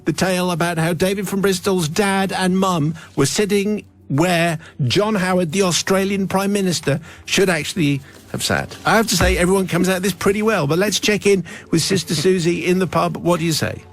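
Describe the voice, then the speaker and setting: English male radio presenter, middle-aged, slightly high voice, jokey, studio mic. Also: moderate pace. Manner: jokey, reads listener letters. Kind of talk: radio show banter. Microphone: studio microphone.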